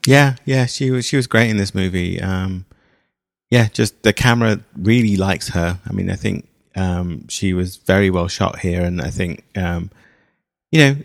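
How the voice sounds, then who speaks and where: Deep gravelly man, podcast co-host. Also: moderate pace, no room sound, clean studio sound. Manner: thoughtful, hesitant with fillers and restarts. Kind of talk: casual film review chat.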